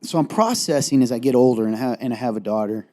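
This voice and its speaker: Speaking quickly in a mid-range, dark-toned voice, this male podcast co-host sounds on the edge of tears. His talk in the candid faith-based discussion is earnest and meandering, and he is nearly crying.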